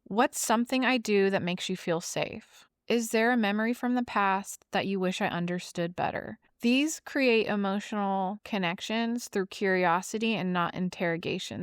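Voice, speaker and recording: A woman hosts her own podcast in a casual monologue, blunt and emphatic, with frequent swearing. Her voice sits at a middle pitch and sounds smooth and clear. The recording is dry and close, with no room sound. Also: no echo. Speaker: podcast host.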